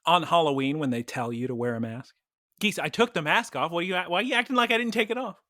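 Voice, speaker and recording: A man's voice: on the high side, fast talker, sharp tone, no echo, studio quality. A young man co-hosting a podcast, chatting casually and rambling through stories with frequent laughs. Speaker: podcast co-host. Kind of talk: casual chat.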